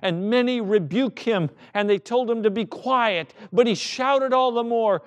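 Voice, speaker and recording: A middle-aged male pastor preaching a sermon with passion, now and then bursting into shouted quoted voices. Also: very high-pitched, measured pace, few pauses.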